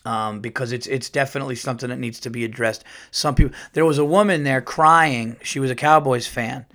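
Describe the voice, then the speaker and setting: A middle-aged man hosts his podcast solo, rambling through stories in a loose, profane, animated way. His voice sits in an ordinary middle pitch, neither high nor low. He sounds casual and unscripted. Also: fairly quick. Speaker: podcast host.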